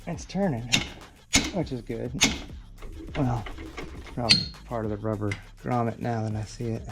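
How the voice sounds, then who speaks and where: A male mechanic talks through a repair in an easygoing, joking way, tossing off silly rhymes as he works. His voice sits at an ordinary middle pitch. Tool clicks and workshop noise come through clearly behind him. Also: normal speed. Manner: playful, rhyming wordplay and banter with his dog. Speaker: mechanic working on a car. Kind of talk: casual workshop vlog. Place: auto repair shop.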